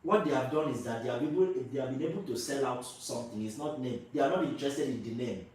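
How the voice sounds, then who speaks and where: A man's voice: mid-range voice, fast, darkish tone, a little hiss or hum. A Nigerian man vlogging his opinions to camera, emphatic and repetitive, firing rhetorical questions at his viewers. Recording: very echoey room, voice from a distance.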